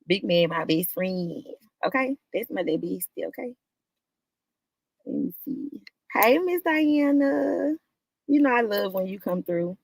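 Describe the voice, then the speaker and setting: A woman hosting a live stream, greeting viewers one by one in a casual chat, with drawn-out greetings that jump up high. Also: animated, gravelly, no echo. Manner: warm, drawn-out greetings with sudden high lifts.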